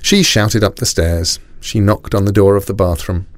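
A man reading a children's storybook aloud, expressive and playful. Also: lowish voice, normal speed, dry recording.

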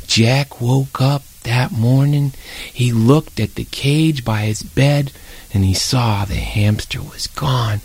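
A man telling a children's story aloud with lively, animated narration. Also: medium pitch, takes it slowly, husky.

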